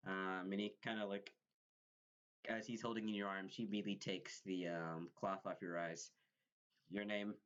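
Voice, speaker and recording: A man's voice: low-pitched, level tone, normal speed, a bit bright. A man narrating as game master of a tabletop game, hesitant and full of fillers and restarts. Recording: dull lo-fi recording.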